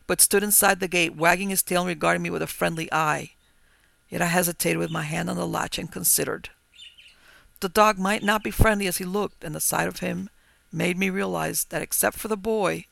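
A man reads a ghost story in a measured, old-fashioned way. His voice is high and bright with a strong gravelly rasp, recorded close and dry. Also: no room sound. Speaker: narrator. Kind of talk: scripted narration of a ghost story.

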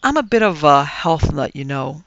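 A man voicing a mild, fussy old male dragon who speaks in a genial, unhurried, teasing way. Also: fairly high pitch, very animated, vocal fry, fairly bright tone, dry recording, dull audio, heavily acted.

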